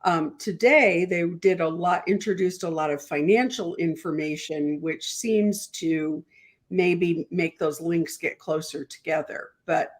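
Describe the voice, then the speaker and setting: A woman attorney giving measured legal commentary on a podcast, explaining with analogies and stumbling through restarts. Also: lowish voice. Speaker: attorney guest.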